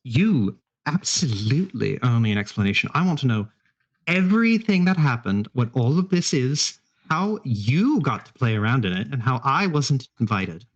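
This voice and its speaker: A firm, demanding woman who speaks with earnest insistence, as a man puts her on. Her voice sits at a middle pitch, close to his own, in a tabletop game. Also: lively intonation, measured pace, long pauses, darkish tone, husky, dull audio.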